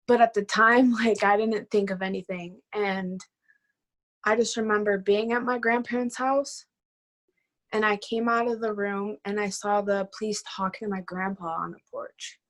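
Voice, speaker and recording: A woman's voice: medium pitch, fairly even intonation, moderate pace, a bit bright. A nineteen-year-old woman talking in a casual interview, her speech full of "like" fillers. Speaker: guest. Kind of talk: personal storytelling interview.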